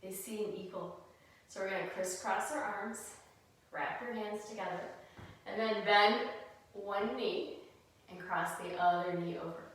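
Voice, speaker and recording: A woman leading a kids' yoga class as a gentle story, mixing pose cues with storytelling. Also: mid-range voice, steady tone, a little slow. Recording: very echoey room, voice far from mic.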